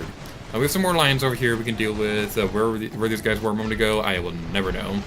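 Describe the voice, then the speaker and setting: A young man giving casual, chatty commentary over his own gameplay, excitable and quick to laugh. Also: lowish voice, a little hiss or hum. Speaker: let's play host.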